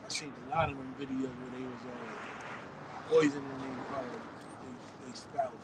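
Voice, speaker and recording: A man in a casual group chat who speaks haltingly with many pauses. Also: mid-range voice, fairly even intonation. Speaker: discussion participant. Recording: distant mic with outdoor noise.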